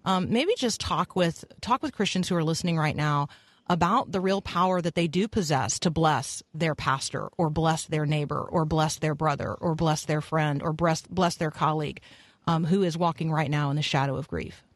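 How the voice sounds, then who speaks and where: A man's voice: fairly high pitch, moderate pace, no echo. A man hosting a radio interview, asking long questions with frequent ums. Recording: dry close mic.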